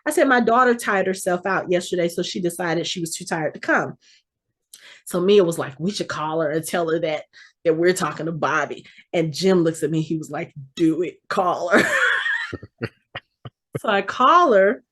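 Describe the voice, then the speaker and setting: A woman's voice: on the low side, animated, moderate pace, a bit bright. A woman in her forties co-hosting a podcast, telling a story in casual chat and acting out the voices of the people she quotes. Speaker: podcast co-host.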